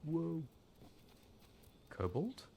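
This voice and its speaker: A man's voice: on the high side, very animated, extremely slow, creaky, dark tone, a little hiss or hum. A man giving casual, playful gameplay commentary, musing aloud to himself. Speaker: streamer playing a game.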